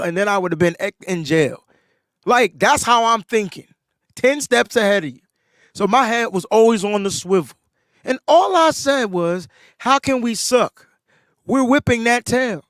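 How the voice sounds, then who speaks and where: A man, a podcast co-host, telling a sports story in casual chat, animated and rising in pitch when he gets excited, a bit under the weather. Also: normal speed, no echo, studio quality.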